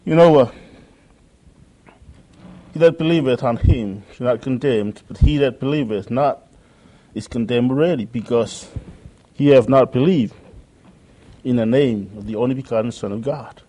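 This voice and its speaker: Earnest preaching man with a mellow voice. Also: mid-range voice, moderate pace, long pauses. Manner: earnest, repeats phrases, quotes scripture. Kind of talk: sermon.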